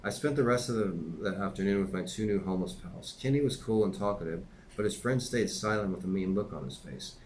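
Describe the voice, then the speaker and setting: Male author reading his memoir, low voice, casual delivery with slips and asides. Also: brisk, few pauses, a little mellow, a little hiss or hum, rough recording. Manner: plain conversational delivery with occasional slips and asides.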